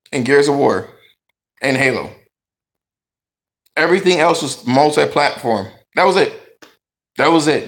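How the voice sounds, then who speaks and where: A man's voice: mid-range voice, a bit bright. Blunt, profane man ranting about games. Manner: talkative. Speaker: gaming commentator. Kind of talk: ranting vlog commentary.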